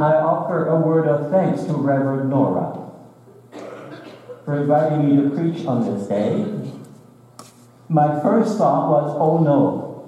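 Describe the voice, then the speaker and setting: A visiting minister preaching a sermon in a measured, deliberate way, with touches of dry humor, in a large church. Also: male voice, fairly high pitch, warm tone, a little hiss or hum. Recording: echoey church hall from far off.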